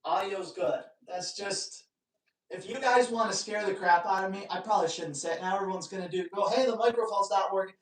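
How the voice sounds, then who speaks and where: A man hosting a live dog-training Q&A, telling stories in a lively way and joking with his viewers. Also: high-pitched, fairly quick. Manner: animated storytelling, joking asides. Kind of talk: casual live-stream talk. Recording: echoey room, distant mic.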